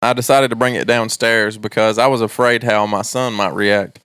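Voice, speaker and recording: A man's voice: on the low side, fairly even intonation, moderate pace, a bit bright, clear, resonant tone, no echo, clean studio sound. A young adult man co-hosting a podcast, telling stories about his three-year-old son in casual chat and laughing at his own anecdotes. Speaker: podcast co-host.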